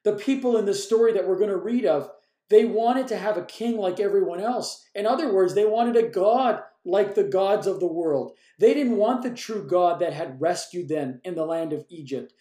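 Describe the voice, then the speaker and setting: A man's voice: high voice, normal speed, warm tone. A man preaching a sermon and reading scripture aloud, earnest and emphatic. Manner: earnest, emphatic, varies pace while reading. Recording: echoey room.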